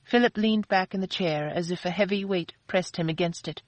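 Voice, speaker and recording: A woman with a low voice narrates an audiobook, her delivery steady and even. The recording is dry and close, with no room sound around her. She keeps a calm storytelling pace. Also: brisk, few pauses, dry recording. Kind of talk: scripted narration.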